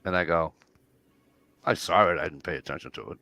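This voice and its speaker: A middle-aged man with a very low, gravelly voice tells a profane story in casual talk. His delivery is animated, and his voice rises when he quotes people. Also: a little fast, no room sound. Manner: profane, animated anecdote telling. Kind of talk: casual chat.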